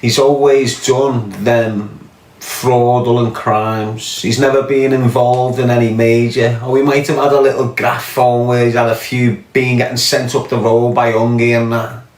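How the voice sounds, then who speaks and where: A man's voice: medium pitch, level tone, unhurried, darkish tone, echoey room. A man with a Scouse accent hosting a podcast, talking in a profane, mocking rant full of scorn. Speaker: podcast host. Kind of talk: casual ranting commentary.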